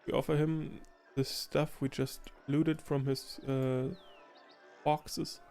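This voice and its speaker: A man's voice: a little high, slow pace, creaky, faint music behind. A man hosting a let's play, casually commenting as he explores the game. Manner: relaxed, talks to himself while exploring.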